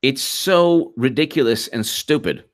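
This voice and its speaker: A man hosting a live political commentary stream, talking fast and animated, repeating himself and mocking opponents. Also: medium pitch. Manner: animated, repetitive, mocking quoted voices.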